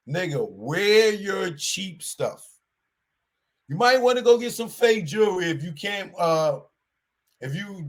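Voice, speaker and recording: A man hosting a show, giving a casual commentary monologue in animated street talk and repeating his warnings. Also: sits high. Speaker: show host.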